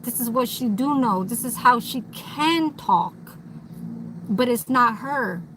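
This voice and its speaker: A woman's voice: a little high, slow pace, noisy background. A woman vlogging in a candid, rambling monologue, blunt and swearing freely, recorded inside a vehicle.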